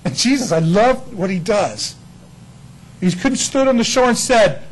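A man's voice: sits high, expressive, normal speed, slightly rough, low-quality recording. A man preaching a casual, storytelling sermon who acts out quoted characters and laughs often.

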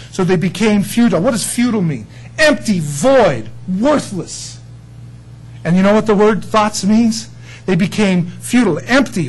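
A man's voice: on the high side, slightly rough, poor audio. A man preaching a sermon, emphatic and folksy, often asking his listeners questions.

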